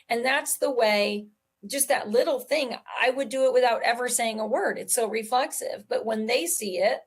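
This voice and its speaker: A woman's voice: on the high side, normal speed, husky. Earnest woman author explaining advice. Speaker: guest author. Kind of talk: conversational interview.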